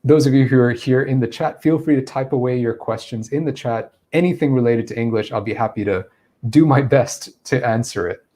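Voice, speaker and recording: Warm and brisk, with a mid-range voice, a male English teacher leads a live-streamed class. He breaks explanations into steps and performs sample phrases aloud.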